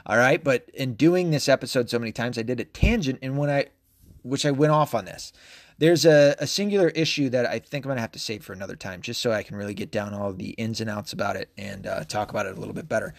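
A man hosting a casual solo podcast. He rambles, swears often and fills his talk with ums, uhs and quick laughs. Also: medium pitch, gravelly, dry recording. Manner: rambling and profane, with frequent fillers and laughs. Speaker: podcast host.

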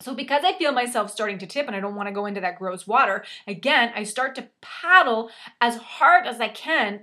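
A woman with a fairly high, slightly bright voice tells a personal anecdote, exaggerating dramatically at her own expense and swearing mildly.

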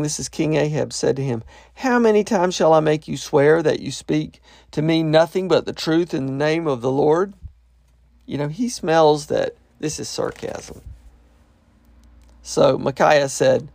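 Gravelly man reading and explaining scripture. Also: fairly high pitch, a little mellow, dry recording, studio quality. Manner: reads verses then explains them conversationally, with fillers. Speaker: Bible teacher.

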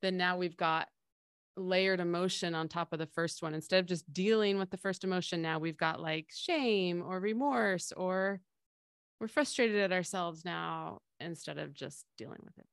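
A woman's voice: fairly low pitch, moderate pace, gravelly, smooth, no echo, studio quality. A middle-aged woman co-hosting a casual podcast, explaining feelings through everyday analogies in a conversational way. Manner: explains with everyday analogies, acts out quoted voices. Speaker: podcast co-host.

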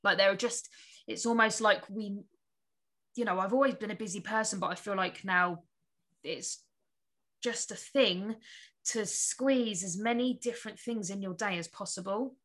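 A woman hosts a relaxed podcast chat in a bright, forward voice. She is agreeable and laughs easily, answering her guest with a steady stream of yeahs and absolutelys. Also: mid-range voice, moderate pace. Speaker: podcast host. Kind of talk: casual podcast interview.

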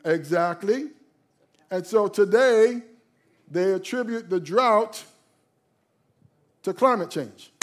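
High-pitched guy preaching hard, repeats himself for emphasis, goes loud then quiet. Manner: impassioned, swings from loud declarations to quiet asides; repeats key phrases for emphasis. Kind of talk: sermon.

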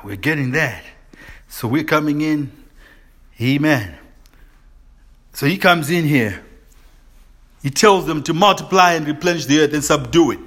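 A man preaching a sermon in call-and-response fashion, often asking his listeners to agree, with bursts of shouting and laughter. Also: on the high side.

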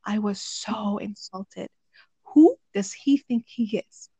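A woman and parent chatting casually, telling animated stories and acting out quotes. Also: medium pitch, slow pace, husky, no echo. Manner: animated storyteller who acts out quotes. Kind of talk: casual chat.

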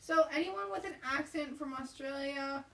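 A woman's voice: high-pitched, moderate pace, gravelly. A young woman co-hosting a casual podcast, upbeat and giggly. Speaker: podcast co-host.

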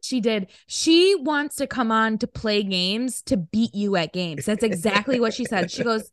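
A woman's voice: on the high side, animated, a little slow, hardly any pauses, no room sound, clean studio sound. A young woman co-hosting a casual podcast chat, chatty and laughing easily with slangy talk. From upstate New York. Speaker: podcast co-host.

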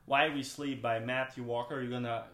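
A man's voice: medium pitch, fairly even intonation, moderate pace, a bit bright. Rambling man talking in a roomy room. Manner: rambling, frequent restarts and "like". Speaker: podcast guest, brand co-founder. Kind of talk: casual interview chat.

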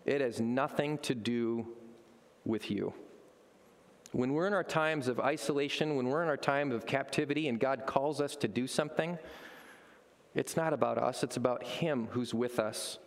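A man's voice: medium pitch, moderate pace, long reverb tail. A man preaching a sermon as a pastor, telling stories with energy and acting out voices. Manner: animated storytelling, acts out voices.

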